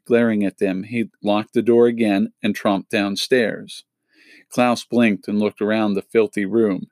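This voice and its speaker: A man reading a children's novel aloud in a steady, measured storytelling manner. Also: fairly low pitch, dry recording. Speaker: audiobook reader.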